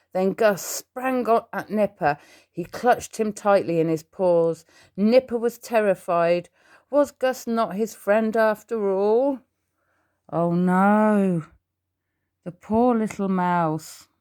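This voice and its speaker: A woman's voice: medium pitch, darkish tone. A woman reading a children's storybook aloud, adding little asides to the listener.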